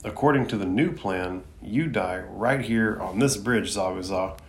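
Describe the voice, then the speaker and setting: A man voicing a scheming, greedy male crime boss from an anime, reading his lines in a slow, mocking way. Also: lowish voice, a little hiss or hum. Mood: gloating.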